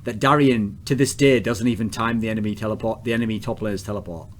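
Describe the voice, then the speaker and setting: A man's voice: lowish voice, fast talker, slight background noise. An English man hosting a casual podcast chat, blunt, provocative and crude in his questions. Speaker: podcast host.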